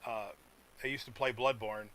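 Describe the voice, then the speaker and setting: An American man from the United States co-hosts a casual podcast, rambling and laughing often. His medium-pitched voice is steady and sharp at a moderate pace. The audio is poor, with a little hiss or hum.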